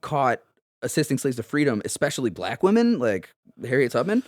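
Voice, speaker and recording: A man's voice: medium pitch, sing-song, a little fast, no room sound, clean studio sound. A man co-hosting a casual history podcast, rambling and swearing and laughing at his own jokes. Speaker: podcast co-host.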